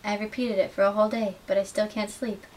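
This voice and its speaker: A young adult woman giving an earnest, measured dramatic reading of literary excerpts as a student reader. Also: mid-range voice, level tone. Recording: distant mic with faint hiss.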